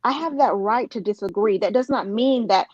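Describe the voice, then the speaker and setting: Woman panelist, emphatic and earnest, mid-pitched, dry and slightly muffled sound. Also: normal speed, a little mellow, no echo. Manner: earnest, emphatic, with frequent restarts. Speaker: panel guest. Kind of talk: panel discussion.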